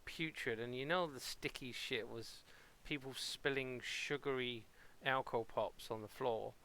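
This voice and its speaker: A man's voice: medium pitch, a little slow, bright, forceful tone, a little hiss or hum. A man from Portsmouth with a local English accent, rambling playfully and mocking himself as he streams a game at home. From Portsmouth, England. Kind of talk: casual live-stream commentary.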